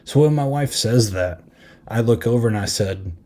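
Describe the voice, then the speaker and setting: A man's voice: fairly low pitch, moderate pace, a little mellow. A man hosting a podcast, telling a rambling, self-deprecating story in casual chat. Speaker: podcast host.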